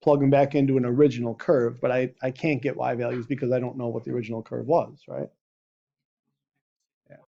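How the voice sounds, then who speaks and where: His voice is mid-range, mellow and creaky, with little pitch movement; he talks fairly quickly but pauses often. This male math teacher keeps prompting students with "right?", and the classroom recording is dull and lo-fi.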